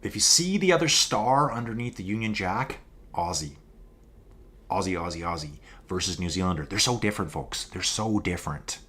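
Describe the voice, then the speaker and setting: A man with an Albertan Canadian accent commentates a live-streamed race in a casual, rambling way. His voice sits a little low, and he wanders off into joking asides between calls. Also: expressive, moderate pace, bright, forceful tone, a little hiss or hum.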